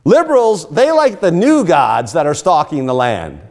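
A man preaching a sermon, telling stories and rising into emphatic, animated lines. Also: fairly high pitch, moderate pace. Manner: animated storytelling with emphatic rises. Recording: long hall reverb.

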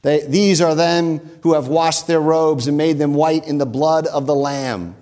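Emphatic male preacher, slightly higher voice. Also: steady tone, warm tone. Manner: emphatic, slows down to stress key phrases. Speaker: pastor. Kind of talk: sermon.

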